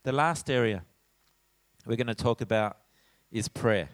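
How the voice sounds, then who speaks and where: A middle-aged man preaching a sermon in a church as pastor, animated, acting out his own lines when he tells stories. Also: mid-range voice, measured pace, no echo. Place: church hall.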